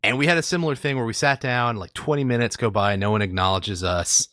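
A man's voice: mid-range voice, fast talker, fairly bright tone, no room sound, studio quality. A man telling a casual, wry, rambling anecdote on a podcast. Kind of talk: casual chat.

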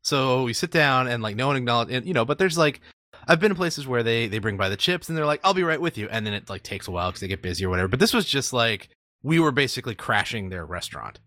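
A man's voice: mid-range voice, lively intonation, fast, sharp tone, no echo, clean studio sound. A man telling a casual, wry, rambling anecdote on a podcast. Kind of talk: casual chat.

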